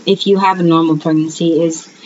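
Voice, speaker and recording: A woman's voice: low-pitched, steady tone, brisk, a little mellow, slight background noise. Frank woman telling her birth story. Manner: frank storyteller, acts out quotes, laughs at herself. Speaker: podcast co-host. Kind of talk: candid casual chat, birth story. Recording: dull lo-fi sound.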